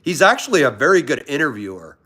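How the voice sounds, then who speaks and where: A man's voice: fairly high pitch, big pitch swings, fast, pushed and bright, husky. A man from Washington, D.C., hosting a casual livestream, chatting in a friendly, rambling way and greeting viewers by name. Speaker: livestream host. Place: at home in pajamas.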